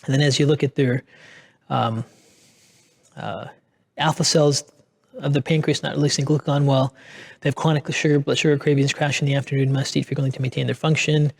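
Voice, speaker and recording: Guy teaching a clinical course off the cuff, mid-pitch voice, keeps restarting his sentences. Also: little pitch movement, a little fast, creaky, pauses often, breathy edge. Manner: unscripted, restarts phrases, acts out patient quotes. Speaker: course instructor. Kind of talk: recorded clinical lecture.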